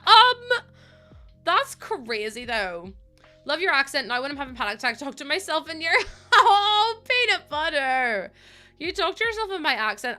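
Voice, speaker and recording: A woman's voice: on the high side, bright, forceful tone. A woman with a Northern Irish accent, chatting casually to her viewers while building in a game, laughing often. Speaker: streamer.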